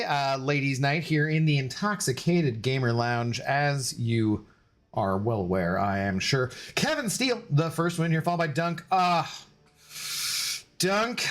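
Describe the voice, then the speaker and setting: A man live-streaming from home, chatting casually with his viewers, greeting them by name and joking around. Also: a little high. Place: home room.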